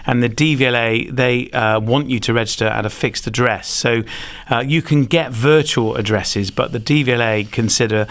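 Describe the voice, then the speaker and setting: A man's voice: mid-range voice, fairly even intonation, moderate pace, fairly bright tone. A man hosting a podcast, chatting enthusiastically and giving advice with plenty of fillers. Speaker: podcast host. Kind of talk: casual chat, giving advice.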